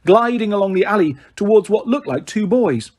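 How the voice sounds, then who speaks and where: A man's voice: sits high, lively intonation, moderate pace, a little mellow, pitched above the performer's own voice. A man voicing a nervous, quavery elderly woman giving witness, gabbling her words.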